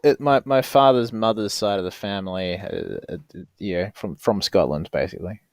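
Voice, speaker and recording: A man's voice: lowish voice, normal speed, a little mellow, no room sound. A man from Australia chatting on a podcast, hesitant and dry in his replies. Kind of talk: casual banter.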